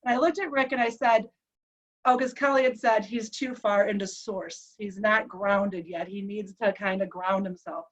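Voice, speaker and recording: A woman telling an emotional personal story, animated and acting out the dialogue. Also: mid-range voice, moderate pace, dull audio. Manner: animated, acts out quoted dialogue.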